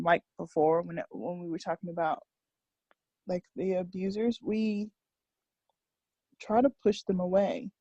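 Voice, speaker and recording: A woman's voice: mid-range voice, a little mellow, no echo. A woman guest speaking frankly and earnestly in a candid podcast conversation. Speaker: interview guest.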